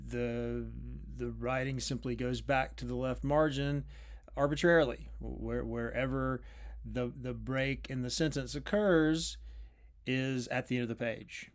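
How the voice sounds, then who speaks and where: A man giving an unscripted lecture on poetry, thoughtful and careful, often pausing and restarting his phrases. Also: medium pitch, fairly even intonation. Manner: thoughtful, with frequent restarts and drawn-out pauses.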